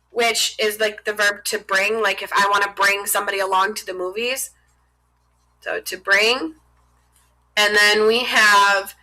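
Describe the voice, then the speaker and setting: A woman's voice: mid-range voice, bright, forceful tone, poor audio. A young adult woman, a French teacher, explaining verb conjugations in a chatty, informal way while writing on a board. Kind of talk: casual classroom explanation.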